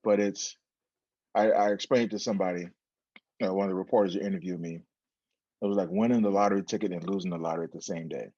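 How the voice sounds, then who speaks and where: A man in his fifties with a low-pitched voice tells his story as an interview guest, lively and acting out quoted dialogue. The sound is dry and close, with a dull, muffled lo-fi quality. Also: fast talker, dry recording. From San Diego, USA. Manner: animated, acts out quoted dialogue. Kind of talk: conversational storytelling.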